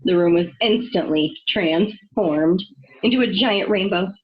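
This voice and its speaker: A woman reading a children's storybook aloud, expressive and storytelling. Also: fairly low pitch, a little slow, muffled recording, slight background noise. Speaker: reader.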